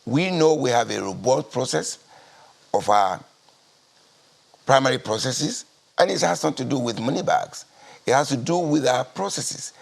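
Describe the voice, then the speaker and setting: A Nigerian man speaking as a party spokesman in a news interview, measured and deliberate, often repeating his key phrases. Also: mid-range voice. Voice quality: gravelly, husky. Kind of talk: guarded TV news interview answers.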